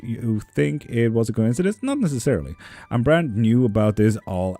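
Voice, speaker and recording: A man with a lowish, dark voice, recorded dry, hosts a live tarot stream, chatting casually with viewers and reading their comments. He jokes and rambles, swearing freely.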